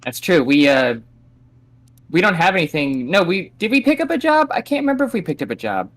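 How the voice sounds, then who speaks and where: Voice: medium pitch, very animated, brisk, fairly bright tone, no echo. A player in a tabletop game talking casually about their character's actions. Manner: casual, chatty, swears.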